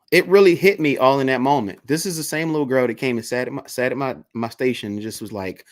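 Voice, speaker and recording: A man of middle pitch tells a story over a video call. He talks casually and slips into other people's voices as he goes, and he uses a lot of verbal fillers. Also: fast talker, hardly any pauses. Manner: animated, acts out the voices in his stories. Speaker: interviewer.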